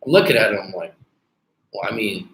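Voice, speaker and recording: A man with a lowish, slightly bright voice talks briskly and animatedly on a dating coaching livestream. He reads viewer comments in a casual, blunt way, cursing freely and calling people dude; the room is echoey with faint background noise.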